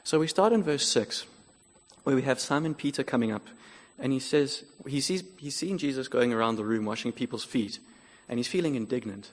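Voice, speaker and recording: A man delivers a sermon in a measured, earnest manner, working through a scripture passage point by point. His voice sits at a middle pitch. The sound carries the long reverb of a large church hall. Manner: measured, earnest expository preaching. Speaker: preacher.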